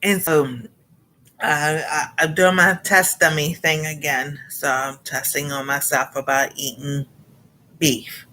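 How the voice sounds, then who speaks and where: Woman, chatty livestream host, bright voice, somewhat low pitch. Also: flat delivery, slow pace, a little hiss or hum. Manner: rambling, chatty, greets viewers, laughs often. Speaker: cooking channel host. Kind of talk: casual livestream chat.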